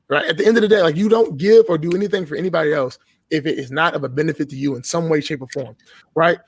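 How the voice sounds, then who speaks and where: Guest spot: emphatic, profanity-heavy man, voice a bit high, close dry mic. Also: fast talker, no echo. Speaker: podcast guest. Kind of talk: casual podcast chat.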